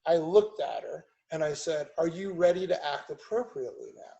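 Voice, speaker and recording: A middle-aged man telling a family story on a podcast, emphatic and animated, acting out what people said. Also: on the high side, moderate pace, vocal fry, muffled recording. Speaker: podcast guest, chiropractor and business owner.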